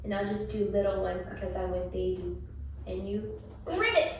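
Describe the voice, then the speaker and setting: A mother leading a toddler yoga class, talking gently in a sing-song way to a small child. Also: mid-range voice, lively intonation, moderate pace, heavy background noise. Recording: echoey room, far from the mic.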